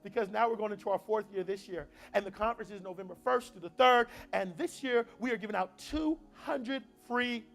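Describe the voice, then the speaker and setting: A man's voice: sits high, fairly quick, gravelly, hardly any pauses, a bit bright, soft background music. A young man giving a motivational talk at a university event, with a call-and-response preaching rhythm. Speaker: motivational speaker.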